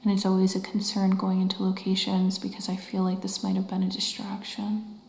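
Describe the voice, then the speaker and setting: A woman's voice: mid-range voice, monotone, brisk, vocal fry, slight background noise. A woman exploring a building as a paranormal investigator, whispering her emotional reactions to the camera. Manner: hushed, emotional, swearing. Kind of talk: whispered ghost-hunting narration. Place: large old building indoors. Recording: echoey large room.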